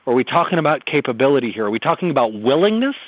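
A man's voice: medium pitch, big pitch swings, very fast, dry recording. A man on a radio talk show, giving earnest, emphatic parenting advice as a guest expert. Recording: dull dry radio audio.

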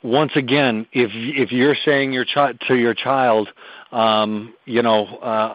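A man's voice: mid-range voice, fairly even intonation, slow, dry recording. A man on a radio talk show, giving earnest, emphatic parenting advice as a guest expert. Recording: dull dry radio audio.

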